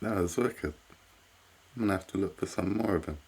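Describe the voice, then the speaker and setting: A man's voice: low voice, a little fast, darkish tone, breathy edge. A man hosting a reaction video, offering musing offhand remarks after a clip. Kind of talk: casual reaction commentary.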